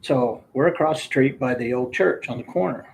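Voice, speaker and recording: A man's voice: medium pitch, moderate pace, gravelly, slight background noise. An older man telling rambling casual stories from his youth, often breaking into laughter. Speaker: storyteller. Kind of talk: casual storytelling.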